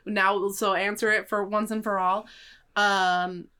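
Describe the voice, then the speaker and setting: A woman hosting a podcast in casual chat, playful and quick to laugh. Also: mid-range voice, flat delivery, sharp tone, clean tone. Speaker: podcast host.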